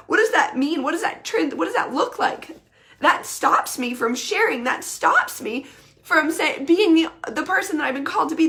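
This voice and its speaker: Woman in her thirties, casual live-video talk, high gravelly voice, earnest and emphatic. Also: fairly bright tone.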